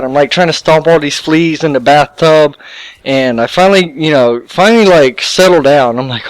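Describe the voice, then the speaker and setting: A young man casually telling a long, rambling, profane story to his viewers, animated and full of fillers. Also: on the high side, moderate pace, no room sound, poor audio. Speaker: gaming YouTuber.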